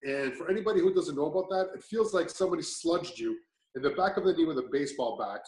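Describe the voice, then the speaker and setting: Brief: man, a bit high, rambling testimonial, echoey room. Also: fast, darkish tone. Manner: rambling, many restarts and fillers. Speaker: client giving a testimonial. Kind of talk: casual testimonial chat.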